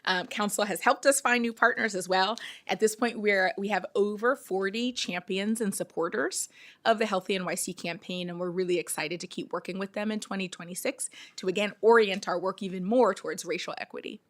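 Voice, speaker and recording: A woman testifying at a council hearing as a city health official, measured and earnest, with frequent ums. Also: mid-range voice, fairly bright tone.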